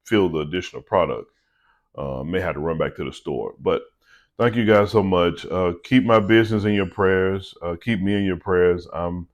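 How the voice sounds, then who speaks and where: Casting: earnest male vlogger, middle-aged, lowish voice, relaxed devotional chat. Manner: earnest, conversational, encouraging. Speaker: vlogger and small business owner. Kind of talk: casual devotional talk.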